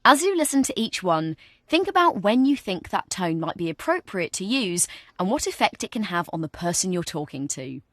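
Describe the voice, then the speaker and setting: Lively, coaching woman guide. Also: fairly low pitch, normal speed, no echo, studio quality. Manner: encouraging, coaching the listener step by step. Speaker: virtual training guide. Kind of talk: scripted instructional narration.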